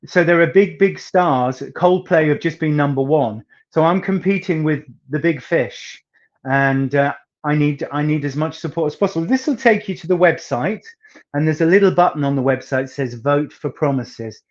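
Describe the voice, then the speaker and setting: A singer from northeast England with a soft northeast English accent talks as an interview guest. He tells stories in a chatty, anecdotal way and leans on words with theatrical emphasis. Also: on the high side, normal speed, dull audio.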